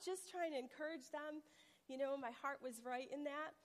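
Female preacher, high voice, earnest testimony delivery, church hall reverb. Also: fairly even intonation, moderate pace. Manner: earnest storytelling, acts out quotes with rising intensity. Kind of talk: sermon testimony.

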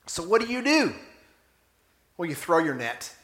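A man with a high, bright voice preaches a sermon, telling the story with animation and firing off rhetorical questions. His voice carries a roomy echo, as if it were filling a church sanctuary. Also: big pitch swings, measured pace. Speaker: pastor.

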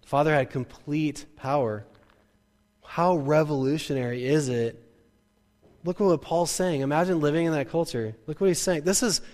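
A man preaching a sermon as a pastor, animated and joking, now and then acting out quoted parents and kids. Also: medium pitch. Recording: reverberant hall.

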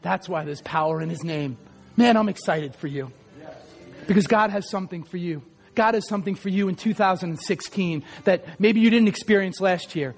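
A man preaching a passionate sermon, moving from shouted prayer to low, close talk to the congregation. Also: fairly quick. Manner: impassioned, swinging from fervent shouted prayer to low intimate talk. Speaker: pastor.

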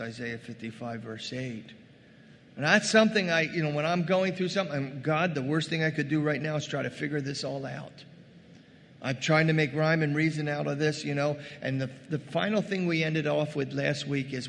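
A male pastor delivering a conversational, animated sermon, calling his congregation "gang" and acting out scripture scenes. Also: fairly high pitch, moderate pace, vocal fry, in a large hall, a little hiss or hum. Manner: addresses the congregation as "gang" and "guys".

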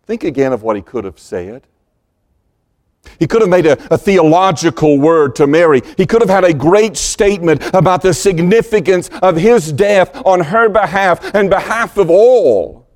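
A man preaching a sermon as pastor, slow and deliberate, dropping to a hushed voice when quoting scripture. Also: high voice, expressive.

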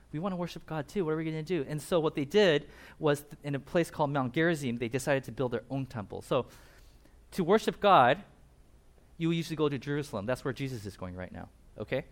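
A pastor with a mid-range voice delivers a casual sermon, retelling a Bible story with animated asides. He slips into quick voiced bits for the characters.

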